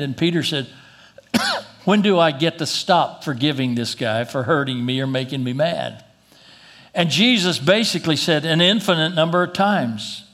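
High-voiced man preaching a sermon. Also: a bit bright. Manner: reads scripture then drops low and slow for emphasis; coughs now and then. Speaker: pastor.

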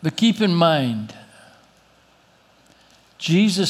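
A man preaching a sermon as pastor, reading scripture aloud and dropping low and slow to press his points, with an occasional cough. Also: a bit bright. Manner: reads scripture then drops low and slow for emphasis; coughs now and then.

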